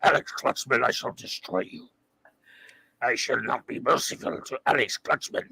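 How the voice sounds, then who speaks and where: A man putting on the voice of a menacing reptilian alien who hates humans, gravelly and hissing. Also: mid-range voice, fairly even intonation, normal speed, bright, forceful tone, no echo, pitched below the performer's own voice, exaggerated voice. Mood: vengeful.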